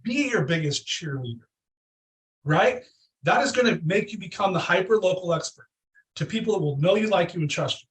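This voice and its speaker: A man being interviewed, telling stories fast and animated, acting out quotes in exaggerated voices. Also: high-pitched, recorded from a distance, low-quality recording. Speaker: real estate team leader, guest. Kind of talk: energetic storytelling interview.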